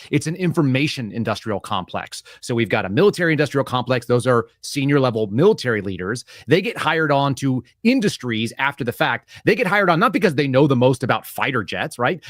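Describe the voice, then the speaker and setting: Fast-talking male interview guest. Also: mid-range voice, no echo, clean studio sound. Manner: fast, chatty, tells anecdotes with voiced quotes. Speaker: guest, former FBI agent. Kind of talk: interview storytelling.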